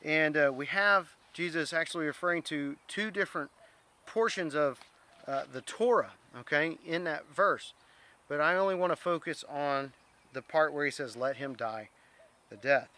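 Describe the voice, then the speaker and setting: A man's voice: fairly high pitch, moderate pace, pushed and bright. A man teaching an informal Bible word study, earnest, reading scripture aloud and stumbling over Greek words.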